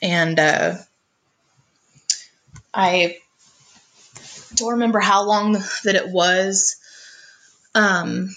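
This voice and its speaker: A woman's voice: medium pitch, very slow, long pauses, fairly bright tone. A woman telling a personal family story in conversation, earnest and often repeating her first words as she goes.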